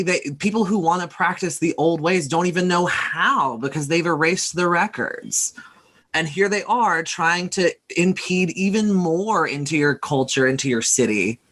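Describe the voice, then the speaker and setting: A woman's voice: on the low side, a bit bright. A woman running a tabletop role-playing game as game master, narrating scenes in a rambling way with many restarts and fillers.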